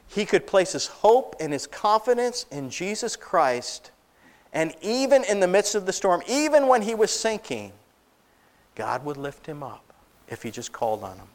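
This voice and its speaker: Lively high-voiced male pastor preaching. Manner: animated storytelling, acting out Bible scenes with asides and laughs. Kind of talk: sermon.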